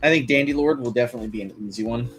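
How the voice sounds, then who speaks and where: A man's voice: mid-range voice, very fast, a bit bright, soft background music. A man streaming as he draws, chatting casually in a loose, rambling way that is full of "like" and "kinda". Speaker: artist streaming while drawing.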